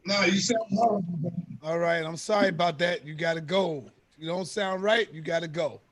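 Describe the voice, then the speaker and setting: A man hosting a live call-in stream, briskly handling callers and calling them brother. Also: on the high side. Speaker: host.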